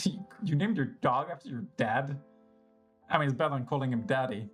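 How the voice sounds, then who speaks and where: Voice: medium pitch, lively intonation, brisk, husky. A streamer commenting casually while playing a game, rambling and mocking themselves, with some swearing. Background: game music.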